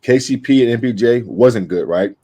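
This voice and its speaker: A man co-hosting a basketball podcast, explaining plays in a measured, analytical way. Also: medium pitch, dark tone. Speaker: podcast co-host. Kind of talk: casual sports analysis.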